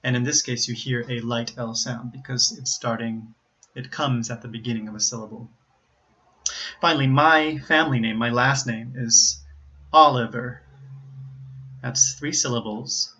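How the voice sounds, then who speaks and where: American man, pronunciation teacher, bright clear voice, careful repeated examples, slightly dull recording. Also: mid-range voice, fairly even intonation, moderate pace. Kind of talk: explaining pronunciation to learners.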